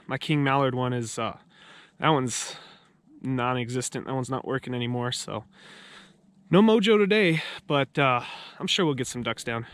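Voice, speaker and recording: A man's voice: medium pitch, normal speed, a bit bright, clear, resonant tone, dry recording. A man filming a casual duck hunting vlog outdoors by a river, rambling to his viewers, a bit out of breath after a long walk. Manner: chatty, rambling, talks to the viewers as guys. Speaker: duck hunter vlogger.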